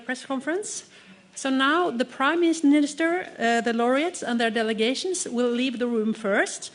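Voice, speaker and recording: A woman moderating a press conference, making brisk and polite announcements to the room. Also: sits high, slight background noise. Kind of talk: formal announcements.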